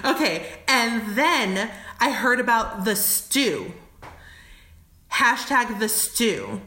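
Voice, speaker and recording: A woman's voice: a little high, big pitch swings, very slow, bright, forceful tone. A woman guest on a podcast, telling a story candidly, cursing often and laughing. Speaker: podcast guest, travel company founder. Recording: echoey room.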